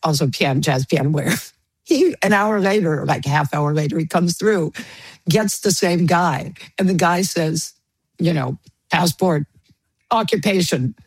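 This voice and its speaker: A woman's voice: sits low, measured pace, husky, no echo. A woman radio host telling a funny travel story in a casual chat, acting out the voices of the people in it. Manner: lively storyteller, acts out quoted voices, laughs often. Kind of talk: anecdote told in casual chat.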